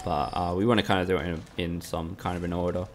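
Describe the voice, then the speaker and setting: Gravelly, low-voiced streamer. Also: male voice, little pitch movement, fast talker, a little hiss or hum. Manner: teasing, sweary banter with chat. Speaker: game streamer. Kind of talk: casual live-stream commentary.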